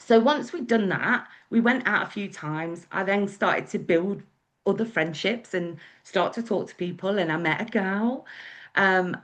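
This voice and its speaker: A woman with an English accent, telling her own story as a guest speaker in a chatty, candid way. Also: medium pitch. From England. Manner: chatty, candid, with acted-out quotes. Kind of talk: personal storytelling.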